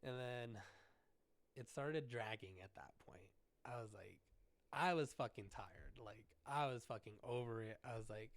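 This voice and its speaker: Animated, foul-mouthed man telling a story. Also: mid-range voice, normal speed, no room sound. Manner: animated, heavy cursing, lots of restarts. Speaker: podcast host. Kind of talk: casual solo storytelling.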